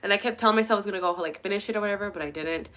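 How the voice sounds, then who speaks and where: A woman's voice: mid-range voice, racing, fairly bright tone. A young woman talking casually to her viewers, rambling and emphatic, swearing a lot. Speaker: vlogger. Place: at her mother's home.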